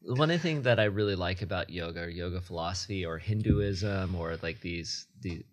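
Low-voiced man, reflective yoga teacher. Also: moderate pace. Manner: reflective, frequent restarts, matter-of-fact. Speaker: podcast guest, yoga teacher. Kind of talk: casual conversation.

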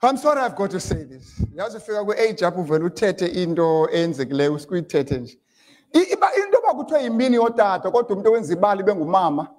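Preacher guy, really high lively voice, keeps jumping between english and xhosa, gets shouty. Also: fast talker. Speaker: pastor. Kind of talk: sermon. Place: church.

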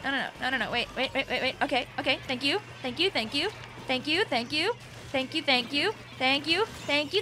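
A young woman streamer giving excitable, teasing commentary on her own gameplay from a desk microphone at home. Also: sits high, fairly quick, noisy background. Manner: playful, teasing, squealing and laughing often. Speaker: gaming streamer.

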